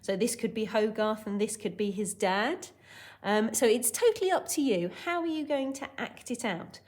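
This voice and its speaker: A woman primary school teacher giving a recorded lesson, dictating sentences clearly and word by word. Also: fairly high pitch, normal speed.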